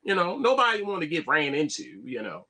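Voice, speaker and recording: A man talks straight into his camera in a loose, rambling live-stream monologue. His fairly high voice swings up and down a lot, and he often stumbles and restarts his sentences. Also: brisk. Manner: animated, repeats "you see what I'm saying", stammers on restarts. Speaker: vlogger.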